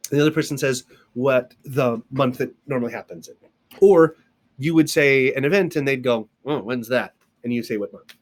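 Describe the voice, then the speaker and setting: A man's voice: on the high side, a little mellow. A man giving a casual recorded video lesson, explaining things step by step with playful sound effects and asides, recorded alone indoors on camera. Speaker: sign language teacher.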